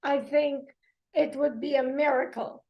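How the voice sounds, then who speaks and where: A woman's voice: high voice, fairly even intonation, unhurried, gravelly, muffled recording. A woman hosting a podcast in casual chat, dry and needling toward her co-host.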